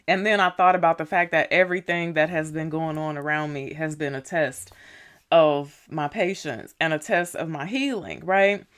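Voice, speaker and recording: A woman telling a story casually in a vlog, chatty, with lots of "you know" and "right?". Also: a bit bright. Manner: acts out dialogue with raised pitch when riled up. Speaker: vlogger.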